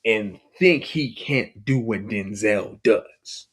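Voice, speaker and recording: A man hosting a podcast in casual chat, talking in an animated, emphatic, argumentative way. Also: on the low side, takes it slowly, slightly rough. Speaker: podcast host.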